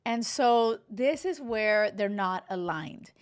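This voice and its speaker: A woman's voice: mid-range voice, animated, slow pace. A woman in her thirties hosting a dating advice podcast, giving frank, casual commentary full of "like" and "you know". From Cuban heritage. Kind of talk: casual reality-show commentary.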